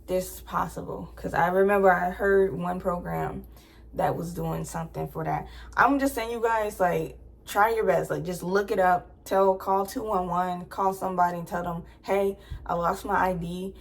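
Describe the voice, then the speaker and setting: A woman's voice: on the low side, steady tone, moderate pace, creaky. Chatty young woman telling a storytime. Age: young adult. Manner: chatty, full of "like" fillers. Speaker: vlogger. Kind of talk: casual storytime.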